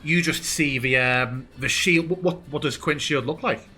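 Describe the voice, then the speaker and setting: A man acting as game master, narrating combat in a relaxed, playful way. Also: medium pitch, normal speed, soft background music. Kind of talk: running a tabletop game online.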